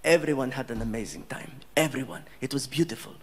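A stand-up comedian voicing a polite, formal young prince who speaks in a calm, measured way. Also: male voice, mid-range voice, big-room sound, pitched below the performer's own voice, close to an everyday voice. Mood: gracious.

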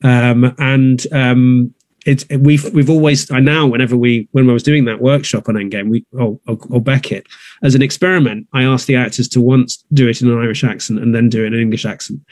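A man's voice: medium pitch, steady tone, a little fast, darkish tone, no echo. Thoughtful man talking theatre, dry sound. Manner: thoughtful, many restarts and fillers. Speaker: theatre producer. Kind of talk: conversational interview. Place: north of England.

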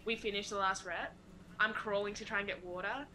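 A young Australian woman in a relaxed podcast interview, talking casually, swearing freely and laughing often. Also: medium pitch, brisk, a little hiss or hum, rough recording. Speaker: guest athlete.

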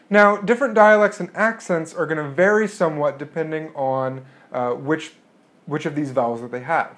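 A linguistics lecturer with a fairly high, slightly bright voice speaks in a recorded lecture, clear and explanatory. He models each vowel sound slowly.

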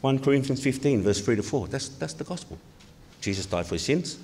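A man's voice: medium pitch, lively intonation, brisk, darkish tone. A male pastor from Tonga preaching a sermon in a church, earnest, putting questions to the congregation.

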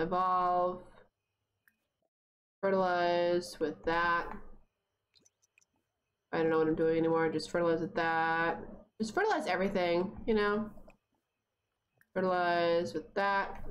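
A young woman streaming a life-simulation game, chatting casually and talking to her characters, with sudden excited squeals. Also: lowish voice, unhurried, pauses often, dull audio. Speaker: gaming streamer. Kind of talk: casual gameplay commentary.

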